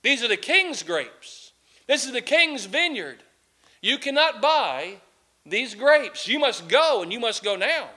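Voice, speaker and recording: A man's voice: very high voice, very animated, takes it slowly, pushed and bright, full character voice. A man voicing a stern gardener who scolds a trespasser.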